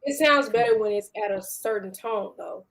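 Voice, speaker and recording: Chicago woman on a panel, relaxed easy chatter, mid voice. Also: mid-range voice, normal speed, vocal fry, poor audio. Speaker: panel co-host. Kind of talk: casual panel chat.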